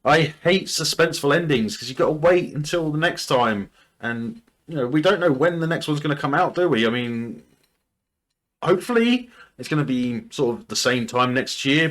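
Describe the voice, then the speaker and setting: A man's voice: a little high, expressive, normal speed, fairly bright tone. A man hosting a TV reaction video, casually thinking aloud and speculating, often restarting his sentences.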